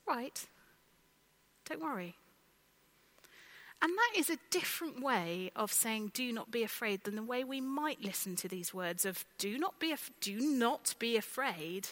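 A woman preaches a sermon in a chatty, conversational way and often puts questions to her listeners. Her voice is bright and forceful and sits a little high. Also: low-quality recording. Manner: conversational, lively, asks the listeners direct questions.

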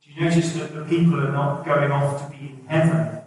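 A man's voice: a little high, fairly even intonation, fairly quick, a little mellow, slight background noise. Man, middle-aged pastor, conversational sermon, questions to the congregation, big echo, faint room ambience. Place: church hall. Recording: echoey hall, voice from a distance.

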